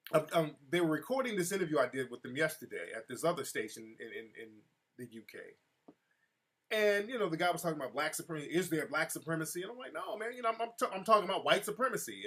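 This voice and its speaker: Animated streetwise male show host. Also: on the high side, breathy edge. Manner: loose, streetwise, animated storytelling; replies to live chat mid-story. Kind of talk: casual live-show monologue.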